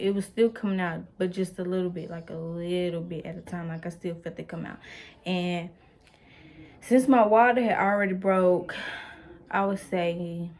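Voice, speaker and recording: Chatty young woman, low-pitched. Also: a little mellow. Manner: chatty, rambling, with many fillers; playful asides to the viewer. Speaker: vlogger. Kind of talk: casual storytime.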